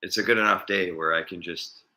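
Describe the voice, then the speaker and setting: Man, vlogger, casual rambling chat, chuckles, low pitch, sharp bright tone. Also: fairly even intonation, a little fast.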